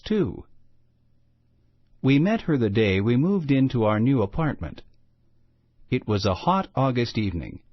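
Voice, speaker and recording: Slow, expressive male storybook reader. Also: medium pitch, slightly rough, no room sound. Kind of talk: reading a children's story aloud. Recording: muffled lo-fi recording.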